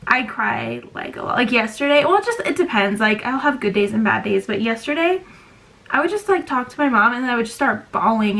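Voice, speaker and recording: A woman's voice: on the high side, pushed and bright. A young woman vlogging a candid pregnancy update, chatty and frank with many ums, sighing and feeling nauseous. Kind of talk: casual pregnancy update vlog.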